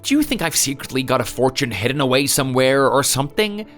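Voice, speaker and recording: A man's voice: medium pitch, expressive, fast, a bit bright, soft background music, close to an everyday voice. A man playing an exasperated young husband. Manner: defensive, exasperated. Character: weary husband who had an affair. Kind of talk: dramatized text story.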